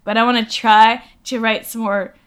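A woman's voice: a little high, level tone, normal speed, fairly bright tone, smooth. A woman guest, an actress and comedian, chatting casually in an interview, rambling and self-deprecating with lots of fillers.

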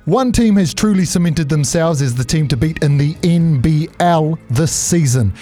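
Quizmaster: brisk, playful man with a slightly raised pitch, light music behind. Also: expressive, mellow. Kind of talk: reading quiz questions on radio.

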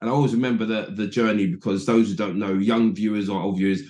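A man from England telling animated stories as a former footballer guest, acting out quotes and restarting his sentences. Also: fairly low pitch, quick pace. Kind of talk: anecdotal interview storytelling. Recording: roomy echo.

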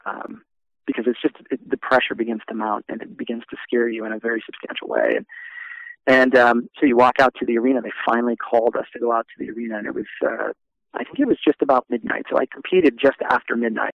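A middle-aged man, a former athlete, telling his own story in a relaxed, reflective way, with many fillers and restarts. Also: mid-range voice, quick pace, gravelly, dry recording, dull audio. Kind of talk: personal storytelling interview.

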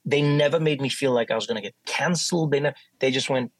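A middle-aged South African man with a South African accent, a guest telling lively stories in a casual interview and acting out what others said. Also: medium pitch, fast talker, no echo, rough recording. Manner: animated, acts out quoted voices.

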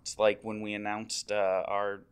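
A man's voice: on the low side, completely flat delivery, measured pace, clear, resonant tone. Rambling, self-deprecating man on a podcast. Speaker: website editor. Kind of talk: casual chat.

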